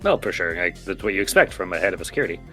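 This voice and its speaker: Man player, lowish voice, casual and inquisitive, soft music underneath. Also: very animated, rapid-fire. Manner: inquisitive, planning questions. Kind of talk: casual tabletop play.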